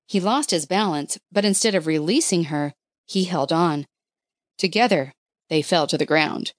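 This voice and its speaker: A woman narrating an audiobook with a measured, expressive reading. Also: lowish voice, dry recording, studio quality. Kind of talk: scripted narration of a historical romance.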